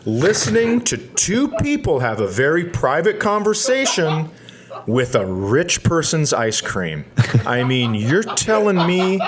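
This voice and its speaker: A man co-hosting a podcast, telling a rambling comic story with self-mocking asides and deadpan punchlines. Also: on the high side, measured pace, crowd noise.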